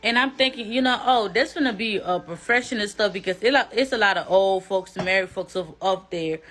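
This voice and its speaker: A woman's voice: medium pitch, moderate pace, few pauses, fairly bright tone. A woman giving a blunt, exasperated casual rant straight to camera. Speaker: social media commentator.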